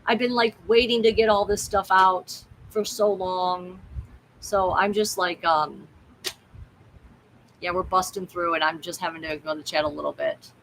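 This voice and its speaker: A woman's voice: on the low side, steady tone, moderate pace, fairly bright tone, a little hiss or hum, rough recording. A woman who hosts a tarot livestream, chatting in a candid, rambling way and swearing bluntly. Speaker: tarot reader and livestream host. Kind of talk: casual livestream chat.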